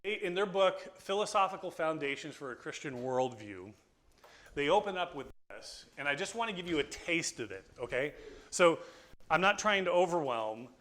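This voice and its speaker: Animated man giving a lecture. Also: a little high, normal speed. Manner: animated storytelling, acts out dialogue. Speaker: philosophy lecturer. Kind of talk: informal classroom lecture. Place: small group gathering indoors.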